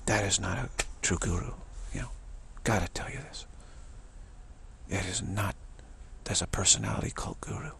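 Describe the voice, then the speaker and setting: A man giving an informal spiritual talk, halting and repeating himself, often sinking into a whisper. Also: low voice, steady tone, vocal fry, fairly bright tone. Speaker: spiritual speaker.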